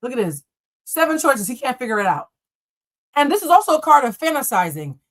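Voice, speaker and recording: A woman reads tarot on a live stream. She is animated and blunt, and she talks straight to her viewers and swears freely. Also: high voice, brisk. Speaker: tarot reader.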